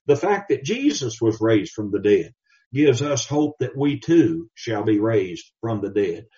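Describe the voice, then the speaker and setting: A man preaching a sermon, emphatic, slowly reading scripture in old English. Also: lowish voice, sing-song, mellow. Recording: distant, dull lo-fi recording.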